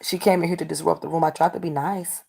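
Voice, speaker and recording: A woman livestreamer who does readings talks back to her chat in a confrontational, scolding way, repeating herself for emphasis. Her deep voice is steady, quick, creaky, dark and slightly rough.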